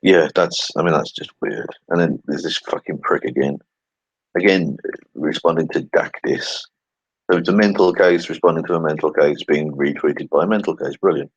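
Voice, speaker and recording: A man with a low, husky voice gives sarcastic running commentary, swearing freely and muttering asides as he reads tweets aloud. His voice sits dry and close, caught on a dull, lo-fi home recording. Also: no room sound. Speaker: channel host.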